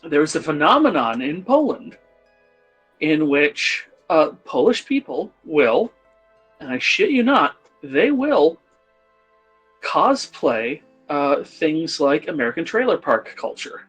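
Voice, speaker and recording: A man with a fairly high voice tells a story in bursts, restarting his sentences and swearing as he goes. He sounds excitable and chatty, and faint music plays underneath. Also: slow pace, husky, rough recording. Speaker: tabletop game player on a livestream. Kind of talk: casual chat.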